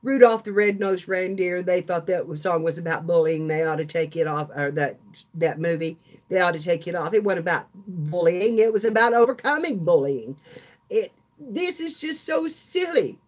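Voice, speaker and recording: An older woman, hosting a casual live stream chat, chatty and laughing often as she talks to her viewers. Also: lowish voice. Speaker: craft channel host.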